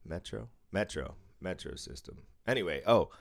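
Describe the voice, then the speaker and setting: A man's voice: sits low, lively intonation, normal speed, creaky, dry recording, studio quality. A man from the Boston suburbs telling a story in casual chat, acting out quotes and swearing freely. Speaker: podcast co-host, casino worker.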